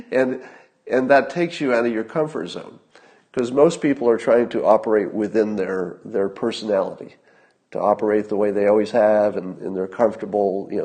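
A man hosts his own podcast with a loose, thinking-aloud commentary on politics. His voice sits low with a gravelly fry at the ends of phrases, and he wanders through his points with an easy chuckle. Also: normal speed, a little mellow. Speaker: podcast host.

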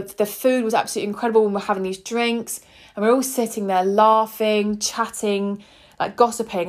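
A woman in her twenties, hosting a podcast and telling a personal story in an earnest, heartfelt, chatty way. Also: mid-range voice. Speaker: podcast host.

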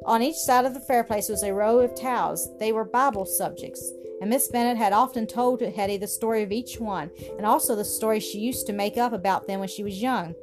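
A woman reading a story aloud in a steady, expressive way. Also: a little high, a little fast, hardly any pauses. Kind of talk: storybook narration. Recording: music playing behind.

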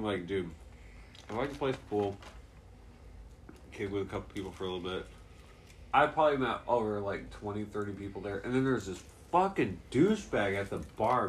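A man's voice: fairly low pitch, a little hiss or hum. A young man telling a story in casual chat, swearing often and laughing between lines.

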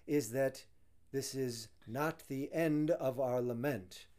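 A man's voice: mid-range voice, slow pace, mellow. A man leading a conversational Bible study, earnest and emphatic. He lingers on key phrases and repeats them for weight. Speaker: Bible teacher.

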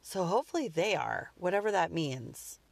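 A woman in her thirties hosting a personal podcast, talking earnestly and reflectively with frequent pauses and restarts. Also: on the low side, big pitch swings, gravelly, no echo. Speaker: podcast host.

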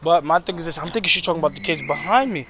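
A man's voice: on the high side, rapid-fire, a crowd in the background. A man ranting profanely about his job to viewers while walking a city street at night. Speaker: vlogger. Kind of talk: casual storytelling vlog. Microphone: handheld phone.

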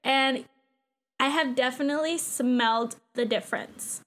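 A young woman co-hosting a casual chat podcast, rambling in a chatty way with lots of fillers and quick laughs. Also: high voice, a bit bright. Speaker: podcast co-host.

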